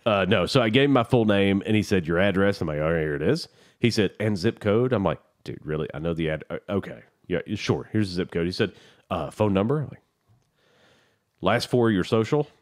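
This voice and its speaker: A man co-hosting a podcast, telling a story in a casual, profane, animated way. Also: deep voice, fairly quick. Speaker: podcast co-host. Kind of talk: casual chat.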